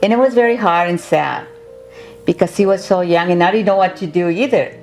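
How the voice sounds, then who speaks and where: A woman's voice: fairly low pitch, fairly quick, darkish tone, soft background music. An older woman in a documentary interview, retelling family events with emotion and quoted dialogue. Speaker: interviewee, grandmother.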